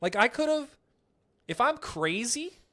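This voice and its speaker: A young man hosting a casual podcast, telling stories in an animated, profane way. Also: very high voice, a little slow. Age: young adult. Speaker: podcast host; comedian.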